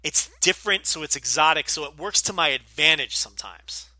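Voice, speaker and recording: Middle-aged podcast host from New Jersey, light Jersey accent, bright and sharp tone, blunt and profane, dry close mic. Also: male voice, on the high side, brisk, dry recording. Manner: blunt, profane, rambling with many fillers. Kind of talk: casual Q&A podcast.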